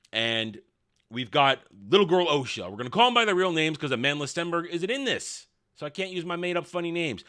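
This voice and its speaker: Blunt, sarcastic man with a bright voice. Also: a little high. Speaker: TV show reviewer. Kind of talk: opinionated review monologue.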